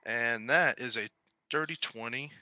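Bright-toned male tabletop player. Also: mid-range voice, measured pace. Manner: thinks aloud, restarts often. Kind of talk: in-character tabletop play. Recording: dull, dry lo-fi audio.

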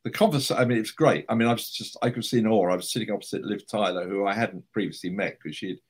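A man's voice: on the low side, quick pace, husky. An older man, a writer, telling chatty anecdotes as a guest in an interview, with frequent restarts and fillers.

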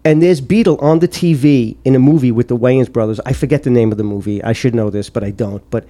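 A man's voice: mid-range voice, fast. A man telling a profane story on a podcast, acting out what people said. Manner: profane, animated storyteller who acts out quotes. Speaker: podcast co-host. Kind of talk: casual storytelling.

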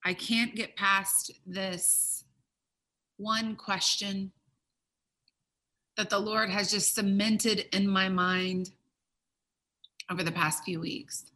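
A woman preaching a sermon with emphatic stresses, swinging from loud, ringing peaks to hushed, low tones. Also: steady tone, slow, pauses often, low-quality recording.

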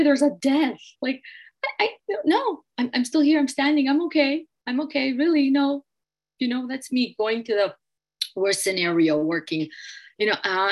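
A woman giving an earnest personal share at a recovery meeting, often repeating and restarting her phrases. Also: on the low side.

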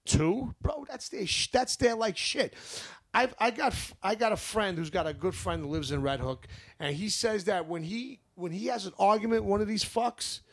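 A man's voice: high voice, normal speed, a bit bright. A young man with a New York accent, co-hosting a casual chat and ranting in heated, profane bursts. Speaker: podcast co-host.

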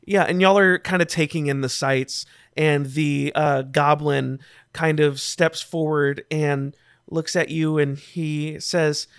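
A man running a tabletop game as game master, talking in a relaxed way with lots of fillers. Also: a little high, slow, clean tone, dry recording, clean studio sound.

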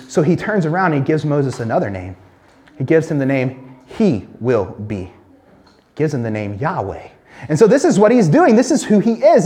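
High-voiced man preaching a sermon. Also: big pitch swings, dark tone. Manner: earnest, emphatic, slows and drops low when quoting God. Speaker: pastor.

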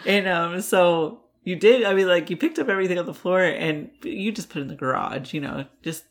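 A woman's voice: fairly low pitch, fairly quick, few pauses. A woman in her thirties co-hosting a podcast, chatting and laughing through a family story. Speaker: podcast co-host. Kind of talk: casual storytelling chat.

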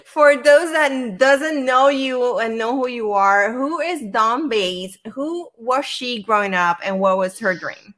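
A woman hosting a podcast with a fairly high voice. She gushes and rambles, stumbling over her words and throwing in "like" and "hello" as she introduces her guest. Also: slow pace, hardly any pauses. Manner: excited, rambling, repeats "hello" and "like". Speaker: podcast host. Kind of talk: casual interview intro.

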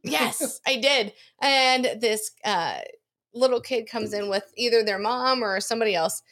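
Woman, podcast co-host, casual chat, profane, laughs a lot, higher voice. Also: a little slow, fairly bright tone. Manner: profane, laughs often, tells stories.

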